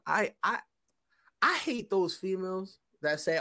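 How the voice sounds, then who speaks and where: Young male podcast co-host, lively pitch, animated storyteller. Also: measured pace. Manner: animated storyteller, acts out dialogue. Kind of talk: casual chat.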